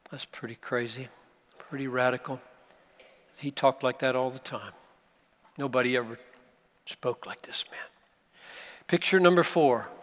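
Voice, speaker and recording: A man preaching a sermon at a conference, slow and emphatic, with dramatic pauses. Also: mid-range voice, pushed and bright. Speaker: pastor. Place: large conference hall. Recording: live hall recording with long reverb.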